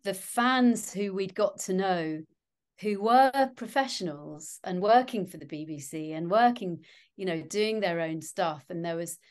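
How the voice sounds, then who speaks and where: Middle-aged woman, actress guest; chatty, self-mocking, lively anecdotes. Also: mid-range voice, unhurried. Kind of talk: anecdotal interview chat.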